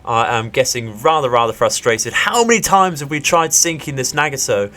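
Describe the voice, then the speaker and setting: A man's voice: medium pitch, normal speed, bright, forceful tone. Upbeat man commentating gameplay. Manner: polite, upbeat narration of each move, laughing off setbacks. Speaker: let's play host.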